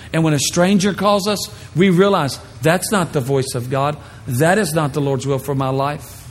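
Man, pastor, sermon, high voice, faint room noise, animated storytelling. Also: in a large hall. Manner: animated, playful storytelling with shouted impressions.

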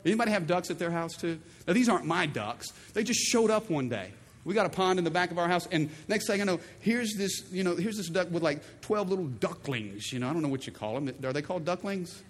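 Animated preacher in a big echoing hall. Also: male voice, high-pitched, fast talker, few pauses. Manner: animated, call-and-response preaching with playful voices. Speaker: pastor. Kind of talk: sermon. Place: large church auditorium. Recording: long reverb of a big hall.

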